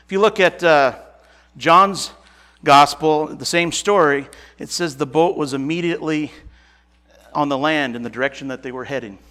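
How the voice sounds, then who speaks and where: This preacher from Nebraska has a fairly high voice with a sharp tone and talks at a normal speed. His informal sermon retells a Bible story casually and folksily, full of restarts, chuckles and self-corrections.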